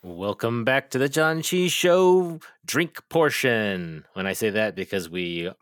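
A man's voice: medium pitch, lively intonation, takes it slowly, a bit bright, no room sound, studio quality. A man co-hosting a podcast, easygoing and self-mocking as he introduces a segment. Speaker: podcast co-host. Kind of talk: casual podcast chat.

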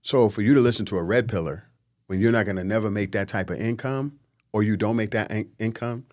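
Animated man with a low voice. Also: a little fast. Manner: animated, preachy, acts out quotes in mocking voices. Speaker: podcast guest. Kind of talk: casual podcast conversation.

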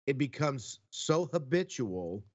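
A man's voice: mid-range voice, sing-song, slow, darkish tone, highs cut off. A married man co-hosting a podcast, talking in a rambling, folksy, reflective way in casual chat. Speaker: podcast co-host.

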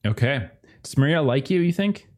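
Relaxed male game master. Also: medium pitch, normal speed. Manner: relaxed, repeats words, many fillers. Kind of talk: narrating a tabletop game.

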